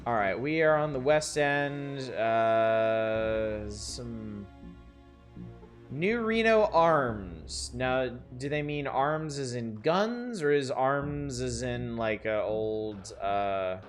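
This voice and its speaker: A man's voice: mid-range voice, expressive, very slow, soft background music. A man streaming a role-playing game, casually musing through plans with hesitant restarts. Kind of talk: let's-play commentary.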